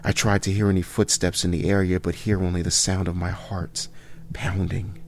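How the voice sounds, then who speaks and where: A man with a deep voice narrates a first-person horror tale, keeping his delivery hushed and deliberate, sometimes sinking almost to a whisper. His pitch stays flat and even throughout. A faint hiss of noise sits under the recording. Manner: slow, hushed, dropping to near whispers.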